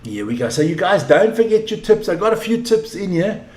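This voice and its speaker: An older man giving casual, excitable live rugby commentary, chatting and joking as he goes. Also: high voice, brisk, reverberant.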